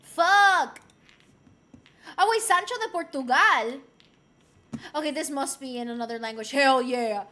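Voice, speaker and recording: A woman from Rico, chatting casually on a live stream. She is excitable and swears freely. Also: high voice, unhurried, pauses often. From Puerto Rico.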